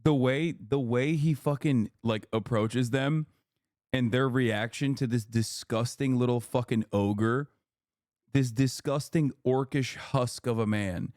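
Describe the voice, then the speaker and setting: A man's voice: medium pitch, slow pace, a little mellow, dry recording, studio quality. A man streaming live, reacting to a video with profane, outraged, sarcastic commentary. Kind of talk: casual livestream commentary. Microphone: close streaming mic.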